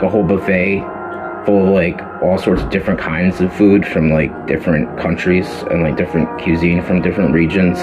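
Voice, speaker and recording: A man guest in a comedy podcast, wry and rambling with deadpan complaints. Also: deep voice, dull audio. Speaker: podcast guest, host's brother. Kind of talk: comedy sketch and casual chat. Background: background music.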